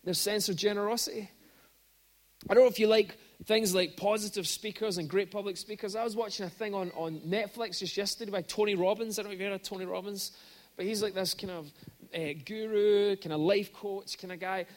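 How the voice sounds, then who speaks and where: A man with a notably high voice gives a sermon at a church service. He talks like he is chatting, tells stories, and climbs into emphatic peaks. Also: steady tone, fairly quick. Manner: conversational storytelling, with bursts of rising emphasis. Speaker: guest preacher.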